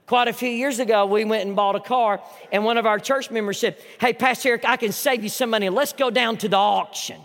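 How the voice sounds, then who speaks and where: A middle-aged man preaching a sermon as pastor, moving between hushed, slow intimate passages and loud emphatic storytelling. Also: high-pitched, fairly even intonation, in a large hall.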